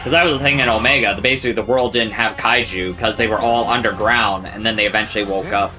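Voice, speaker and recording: A man giving casual reaction commentary to a show, excitable and swearing freely as he talks back at the screen. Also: fairly low pitch, fast talker. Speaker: reaction video host. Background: show audio and music playing.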